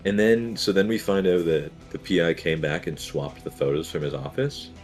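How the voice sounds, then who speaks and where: A man with a very low voice chats casually on a podcast. He speculates hesitantly, leaning on fillers as he thinks aloud. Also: fairly even intonation, normal speed, darkish tone, soft background music. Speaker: podcast co-host. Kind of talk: casual chat.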